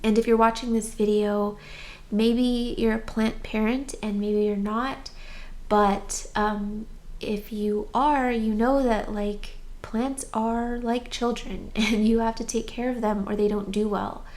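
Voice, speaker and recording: A woman's voice: fairly high pitch, steady tone, slow pace, darkish tone. Young woman, stuffy congested voice, personal vlog, candid and rambling. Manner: candid, rambling with many fillers. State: stuffy and congested after crying. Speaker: vlogger.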